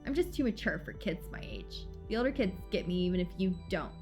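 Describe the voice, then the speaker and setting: A woman's voice: mid-range voice, sing-song, quick pace, voice pushed down, close to an everyday voice. A woman voicing a jealous young girl in a game who acts too mature for her age, in a pouty, scornful tone, with faint music behind. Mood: huffy.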